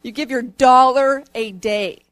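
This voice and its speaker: A woman giving an earnest testimony in church, her voice rising as she grows excited. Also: high-pitched, measured pace, dry recording.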